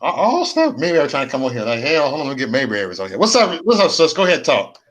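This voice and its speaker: Crude joking man, wildly swooping pitch. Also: huge pitch swings, quick pace, fairly bright tone. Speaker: live stream host. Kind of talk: casual chat.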